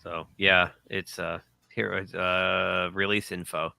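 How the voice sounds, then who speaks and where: A man's voice: low-pitched, little pitch movement, slow pace, creaky, sharp tone, no room sound. A man hosting a casual pop-culture livestream, chatting with enthusiasm and reading news articles aloud. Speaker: host.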